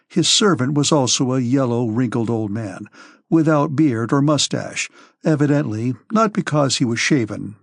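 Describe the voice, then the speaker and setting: A man narrating a classic novel as an audiobook, in a measured, even storytelling manner, close to the mic. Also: medium pitch, no room sound.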